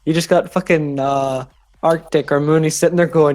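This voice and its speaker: A man's voice: fairly high pitch, fairly even intonation, moderate pace, darkish tone. A man making crude wisecracks during a casual stream chat.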